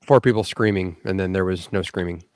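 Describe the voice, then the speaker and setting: A man's voice: sits low, a little fast, darkish tone, dry recording. Emphatic man co-hosting a podcast. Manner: emphatic, profane storyteller. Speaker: podcast co-host. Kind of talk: casual podcast chat.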